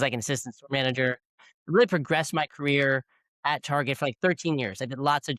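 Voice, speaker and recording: A man's voice: medium pitch, fairly bright tone, dry recording, rough recording. A man in his forties, a bagel shop founder, telling stories to business students in a casual, rambling way with many fillers. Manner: chatty, many fillers and restarts. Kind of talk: casual storytelling talk. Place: university classroom.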